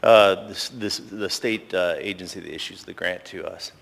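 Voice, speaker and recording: Gravelly deep-voiced fire marshal. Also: male voice, a bit bright, in a large hall. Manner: halting, with many fillers. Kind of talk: formal public meeting testimony. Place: assembly chamber.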